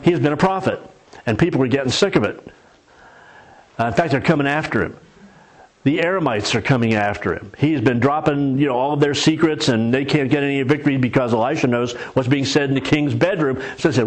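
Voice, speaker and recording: A husky man delivers a sermon in a relaxed, conversational storytelling manner. He mixes Bible passages with folksy humor, and his voice sits at an ordinary pitch. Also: brisk. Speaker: preacher.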